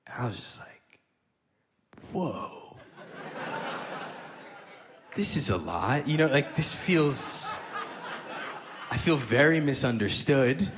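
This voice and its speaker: A man's voice: medium pitch, animated, a little slow, long reverb tail, a crowd in the background, background noise. A man performing stand-up comedy, telling stories in a conversational way and acting out both sides of the dialogue. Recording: live audience laughing.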